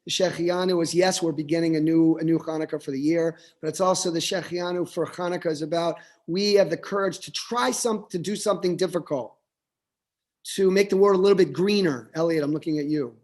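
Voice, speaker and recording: High-voiced man giving a reflective sermon. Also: fairly even intonation, a little mellow. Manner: reflective, halting with restarts. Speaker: rabbi. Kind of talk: Hanukkah sermon. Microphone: video call.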